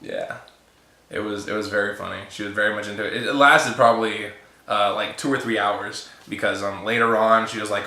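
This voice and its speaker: A man's voice: fairly low pitch, steady tone, brisk, sharp tone, echoey room. A man casually telling a funny story about his wife, laughing often and quoting her lines. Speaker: guest husband telling a story.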